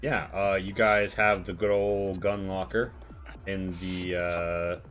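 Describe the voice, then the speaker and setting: Rambling game master, low voice. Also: male voice, flat delivery, slow, a bit bright, faint music behind. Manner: rambling, many fillers. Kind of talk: narrating a tabletop game.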